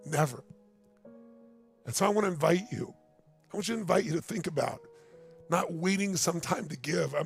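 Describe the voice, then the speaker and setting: Gravelly older guy giving a motivational keynote, kinda high voice, gets really emphatic. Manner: emphatic, building to urgent appeals. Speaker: motivational speaker. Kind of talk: storytelling keynote talk.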